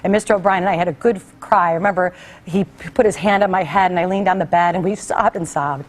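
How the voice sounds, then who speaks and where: A woman's voice: fairly low pitch, fast. Woman host telling a heartfelt story. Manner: conversational, animated quoted voices. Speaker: talk show host.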